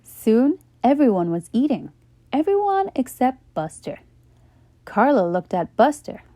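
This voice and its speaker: A woman reading a children's bedtime story aloud in a slow, expressive way. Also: a little high, dry recording.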